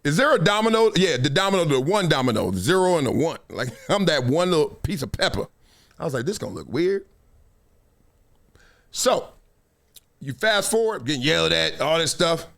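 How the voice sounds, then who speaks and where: Male host, high and lively voice, acts out the people he quotes, slangy storytelling. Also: brisk, gravelly. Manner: slangy, repeats phrases for effect. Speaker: show host. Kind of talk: casual storytelling monologue.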